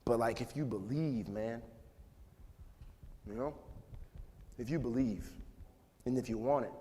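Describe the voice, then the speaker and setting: A man in his thirties speaking casually to an audience, relaxed and conversational with many fillers. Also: fairly low pitch. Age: 30s. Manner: relaxed and conversational, full of "you know" and "like", laughs often. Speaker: speaker giving a talk to students. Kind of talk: casual, candid talk to an audience. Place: large hall. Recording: long hall reverb.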